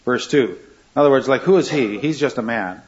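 A man's voice: medium pitch, a little fast. A man leading a Bible study class, asking questions and repeating the students' answers. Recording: slightly dull recording.

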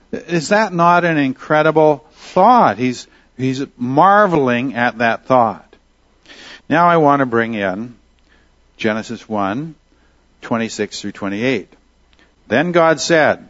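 A man's voice: mid-range voice, lively intonation, a little slow, fairly bright tone, dry recording, muffled recording. A man teaching a Bible lesson in a conversational way, asking his listeners questions and reading Scripture aloud. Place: at a desk with Bible and notes on screen.

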